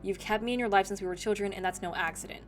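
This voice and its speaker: A woman's voice: medium pitch, fairly even intonation, very fast, soft background music, natural voice. A woman voicing a protective, insistent young woman in a visual novel, reading her lines earnestly.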